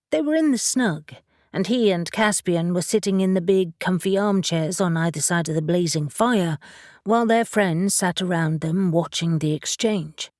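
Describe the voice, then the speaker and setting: A woman narrating an audiobook in a steady, deliberate reading voice. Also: on the low side, dry recording, studio quality. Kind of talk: scripted narration.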